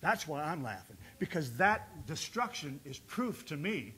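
A man preaches in a church sanctuary with a high, bright voice. He swells into loud exhortation, then drops low and soft to tell a story. It is the sound of a pastor delivering a sermon. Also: big pitch swings, measured pace. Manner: preaches with rising bursts and quiet storytelling dips.

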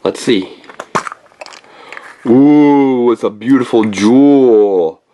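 A woman's voice: rumbling low, extremely slow, crowd noise. A woman hosting a playful toy unboxing for children, chatting with a child helper and throwing in pirate growls.

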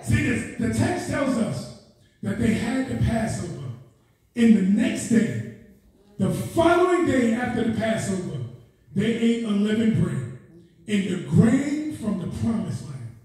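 A man preaches in an impassioned, repetitive cadence, crying out "oh God" between lines and climbing to shouted peaks. His voice sits very high for a man. The sound is picked up from far off and rings with heavy church echo. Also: sing-song, unhurried. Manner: exclaims "oh God" between phrases. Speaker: guest preacher. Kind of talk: sermon. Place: church sanctuary.

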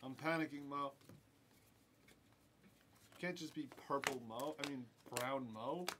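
A man's voice: medium pitch, takes it slowly. A man hosting a live card break, rattling off player names and chatting with viewers as he opens packs. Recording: noisy room with crinkling packs.

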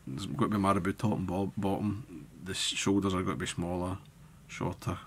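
A man demonstrating fly tying step by step, talking in a relaxed way as he works with his hands. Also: low voice, a little fast, slight background noise. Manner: relaxed, thinking aloud while working with hands. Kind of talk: step-by-step tutorial narration.

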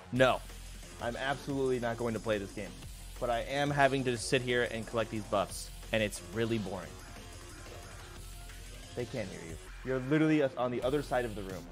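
A man's voice: mid-range voice, moderate pace, pauses often, faint music behind. A young man chatting casually on a livestream, rambling and swearing freely. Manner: rambling, profane, exclaiming.

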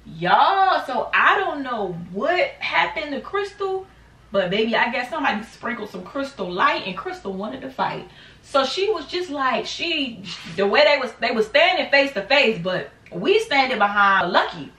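A woman in her twenties telling a casual storytime on her channel, acting out quotes in animated bursts. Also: high voice, moderate pace. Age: 20s. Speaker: vlogger. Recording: echoey room, mic at a distance.

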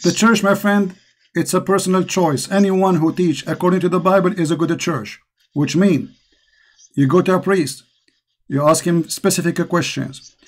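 A man's voice: high voice, steady tone, moderate pace. A man with an Arabic accent, hosting a call-in religious show and preaching with passion. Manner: impassioned, preaching. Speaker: host.

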